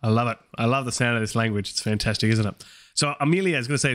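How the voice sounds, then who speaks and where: A fast-talking man with a slightly bright, mid-range voice runs a live Latin study stream. He works through translations aloud, doubting and checking himself as he goes.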